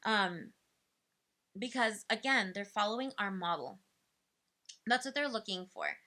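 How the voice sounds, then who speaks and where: With a medium-pitched, animated voice and a sharp tone, this young woman speaks unhurriedly as she offers parents relaxed tips on toddler speech. As a speech development educator, she chatters with lots of fillers and acts out playful quotes aimed at children.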